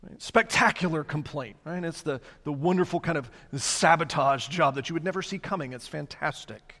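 A man preaching a sermon, animated, now and then putting on mocking voices for complainers. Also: fairly high pitch, normal speed. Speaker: pastor. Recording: long hall reverb.

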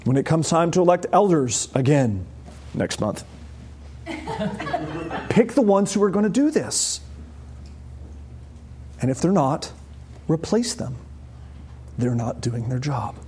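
A man's voice: a little high, sing-song, slow pace, pauses often, mellow, slightly rough. A man preaching a sermon as a pastor, conversational and emphatic, asking the congregation rhetorical questions. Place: church.

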